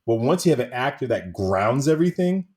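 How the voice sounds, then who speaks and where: A man's voice: mid-range voice, very animated, a little fast, darkish tone. A man co-hosting a casual movie review podcast, laughing often and acting out quotes as he talks. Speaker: podcast co-host.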